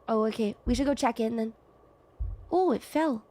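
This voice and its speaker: A woman's voice: a little high, normal speed, pauses often, mellow. A young woman streamer chatting casually as she plays a game, rambling and answering chat with laughs. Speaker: VTuber streamer.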